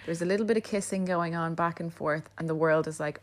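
A woman guest on a radio show, telling pop-culture gossip in an animated, casual way with many fillers. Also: lowish voice, fast talker. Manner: animated storyteller, lots of fillers.

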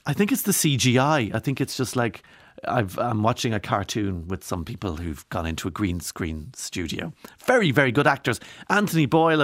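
Radio host guy rambling wryly, lowish voice, dry studio sound. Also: fairly bright tone, no echo. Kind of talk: chatty radio commentary.

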